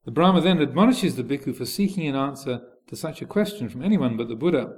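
A man's voice: medium pitch, lively intonation, quick pace, a little mellow. A man teaching as a Buddhist monk, giving a dharma talk with a hesitant delivery full of fillers and restarts.

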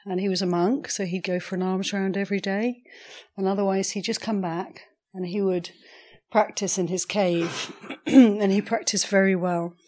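A woman meditation teacher telling a story during a morning sitting, in a measured, unhurried way, clearing her throat now and then. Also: medium pitch, steady tone, darkish tone. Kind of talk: storytelling dharma talk.

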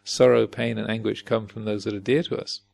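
A man doing a calm, patient, gravelly Buddha. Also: fairly low pitch, a little hiss or hum. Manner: patient, slow, questioning. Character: wise, calm male Buddha teacher.

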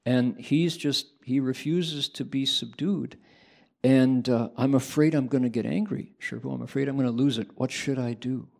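A man voicing an anxious, excitable male high school teacher, with a gravelly voice and a raised pitch. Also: lightly acted. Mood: worried eager. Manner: eager, worried and quick to get excited.

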